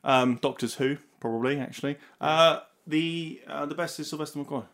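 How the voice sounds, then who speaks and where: A man co-hosting a casual film podcast, who swears freely and tells stories in an animated way. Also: fairly high pitch, moderate pace. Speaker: podcast co-host.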